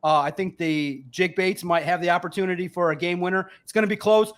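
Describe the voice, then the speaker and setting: A man's voice: sits high, steady tone, brisk, fairly bright tone, clear, resonant tone. A man in his forties, a sports writer guest, making his point emphatically and repetitively in a heated sports debate. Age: 40s.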